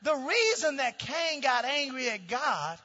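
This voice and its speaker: A middle-aged male pastor preaching a sermon with call-and-response, swinging from shouts down to low, quiet tones. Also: sing-song, unhurried. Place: church sanctuary. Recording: dull sound with long hall reverb.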